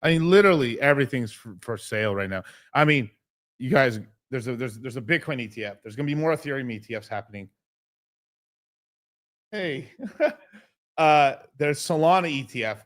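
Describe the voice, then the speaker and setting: A man's voice: mid-range voice, animated, normal speed. A man hosting a casual live stream, hyped and joking, with plenty of swearing. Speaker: livestream host.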